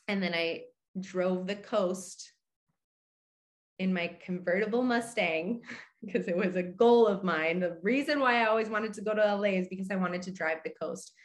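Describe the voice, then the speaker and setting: A young woman telling a personal story in casual chat, animated and full of "like", acting out her own reactions. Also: medium pitch. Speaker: podcast guest.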